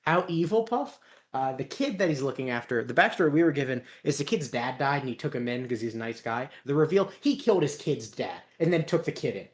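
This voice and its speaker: A man hosting a casual chat, sarcastic and quick to laugh, swearing freely. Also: mid-range voice, animated. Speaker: host.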